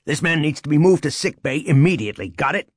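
A man voicing a gruff, short-tempered male smuggler who growls and deadpans. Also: on the high side, lively intonation, quick pace, dry recording, clean studio sound, pitched above the performer's own voice. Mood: commanding.

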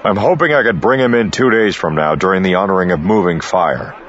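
A man voicing a blunt, gruff male smuggler who answers in terse, growling comebacks. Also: deep voice, a little fast, a bit bright, lo-fi sound, pitched above the performer's own voice.

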